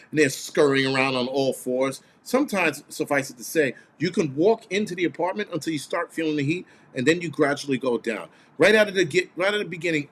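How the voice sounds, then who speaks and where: A man's voice: a little high, slight background noise. A man hosting his own channel, talking in a blunt, heated, profanity-laden rant straight to his viewers. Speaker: host of a prepper channel. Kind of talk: casual ranting video monologue.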